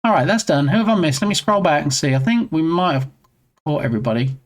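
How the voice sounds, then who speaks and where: A man's voice: a little high, lively intonation, fast talker. Playful, chatty male streamer. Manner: playful and chatty, laughs often, reads chat aloud. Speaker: game dev livestream host. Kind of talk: casual live-stream chat.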